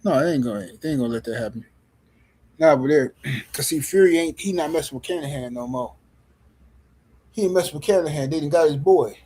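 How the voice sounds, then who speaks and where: Husky-voiced man ranting on a livestream. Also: fairly high pitch, fairly quick, pauses often, darkish tone, rough recording. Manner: slangy, repeats himself, rants and reads super chats. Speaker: boxing livestream host. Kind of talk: casual livestream commentary.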